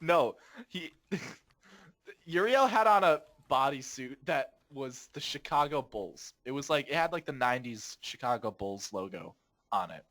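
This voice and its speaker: Animated, laughing young man telling a story. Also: mid-range voice, a little slow. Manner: animated, laughs often, rambling restarts. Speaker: podcast host. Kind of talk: casual storytelling chat.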